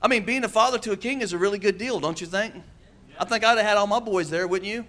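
A pastor preaching a sermon, calling out to the congregation and acting out quoted voices with humor. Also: male voice, high voice, fast, a bit bright. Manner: preaching with call-and-response asides.

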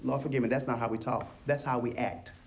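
A man's voice: medium pitch, fast, a little hiss or hum. A male pastor preaching a sermon in church, acting out little scenes and calling on the congregation. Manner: animated, acts out voices and call-and-response. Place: church sanctuary.

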